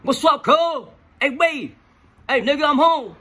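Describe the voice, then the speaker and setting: A man voicing his excited young fellow inmate, hollering loud and brash. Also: very high voice, fast, pitched above the performer's own voice, heavily acted.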